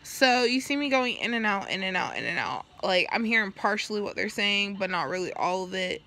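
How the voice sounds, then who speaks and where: A young woman with a bright, forward voice and a gravelly fry at the ends of her phrases tells her story in a casual vlog. She is recovering after surgery, stops to burp now and then, swears freely and plays out the lines of everyone she quotes. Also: medium pitch, animated, fairly quick. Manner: candid, swears freely, acts out quoted dialogue. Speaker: vlogger.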